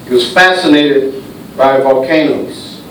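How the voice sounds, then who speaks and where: A man preaching a sermon in a church, telling a dramatic story and swinging between hushed tones and shouts. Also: medium pitch, slow. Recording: echoey church hall from far off, faint hiss.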